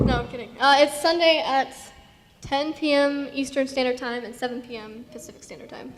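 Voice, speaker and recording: A woman's voice: high voice, steady tone, moderate pace. A young woman hosting a convention panel, chatty and rambling, laughing often. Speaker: panel host. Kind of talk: live convention panel talk. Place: large convention hall. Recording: hall reverb.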